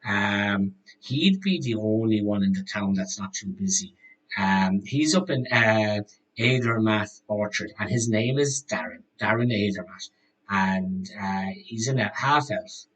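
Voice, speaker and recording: A rambling, gossipy frontier shopkeeper from a tabletop game, put on by the game master. He talks in a lowish voice, stumbles over his words and keeps restarting them as he chats away. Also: expressive, unhurried, a bit bright, lo-fi sound. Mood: chatty. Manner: rambling, hesitant, full of restarts. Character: chatty middle-aged male frontier shopkeeper, gossipy.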